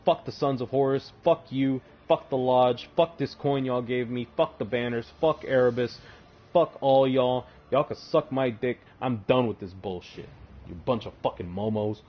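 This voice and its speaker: A furious male warrior, fed up and profane, rants in a loud, steady stream, as a man puts him on while retelling a story. It stays close to an everyday voice, only louder. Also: mid-range voice, moderate pace, highs cut off, natural voice. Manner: ranting, profane.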